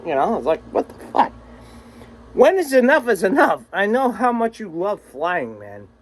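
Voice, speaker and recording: A man's voice: sits high, very animated, moderate pace, poor audio. A man recording a casual, rambling video message to a friend, swearing freely and laughing often. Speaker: vlogger.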